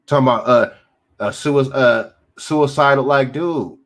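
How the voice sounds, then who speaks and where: A man's voice: medium pitch, unhurried, fairly bright tone. A man hosting a stream, giving blunt, profane commentary on clips and repeating himself as he answers chat. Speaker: streamer host reacting to clips. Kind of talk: casual opinionated commentary.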